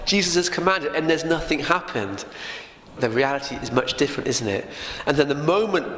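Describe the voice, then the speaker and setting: A man's voice: on the high side, lively intonation, brisk, a bit bright. A man teaching a Bible passage as a story, often turning to listeners with tag questions. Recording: echoey room with long reverb, faint noise.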